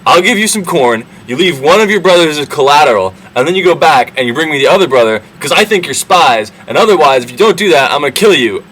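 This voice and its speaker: Joseph, as a man puts him on, smug and deadpan. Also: on the high side, fast, hardly any pauses, slightly rough, rough recording. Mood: scheming. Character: smug scheming young man in power.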